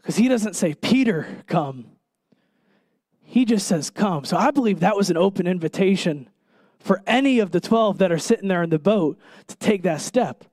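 A man with a high, light voice preaches a sermon in a dry, close-sounding room. He speaks earnestly and with emphasis, slowing down to stress key words and asking his listeners direct questions. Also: animated, a little mellow, no echo.

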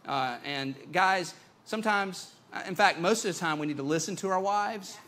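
A man preaching a sermon as pastor, conversational and animated, often repeating words as he goes. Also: sits high, normal speed.

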